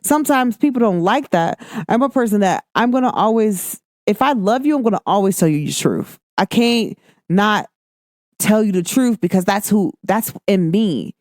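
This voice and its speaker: Talking at a normal speed, this podcast host is energetic and emphatic in her casual monologue. She plays out conversations people had with her using a higher voice, recorded dry and close with no room echo.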